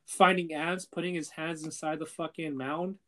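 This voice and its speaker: A man's voice: on the high side, fairly even intonation, normal speed, fairly bright tone. A young man casually retelling a story to a friend, loose and full of swearing and filler words. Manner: loose and profane, heavy on filler "like" and "he's like".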